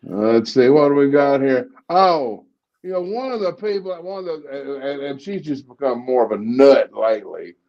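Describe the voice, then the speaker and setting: A man's voice: medium pitch, very animated, normal speed. Southern man, blunt, stammering co-host, dull lo-fi audio. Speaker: co-host, cartoonist. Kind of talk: casual political chat.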